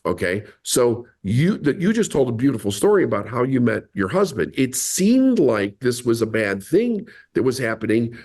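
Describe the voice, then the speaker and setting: A mindset coach appears as a podcast guest, earnestly explaining his ideas in an interview and hammering points home through repetition. His mid-range voice is very animated and a little mellow, at normal speed with few pauses.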